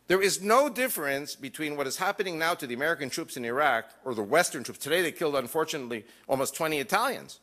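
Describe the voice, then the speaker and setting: A man's voice: fairly high pitch, lively intonation, fast, hardly any pauses, bright, forceful tone. A man giving an emphatic lecture to a live audience, mixing wry jokes into his points.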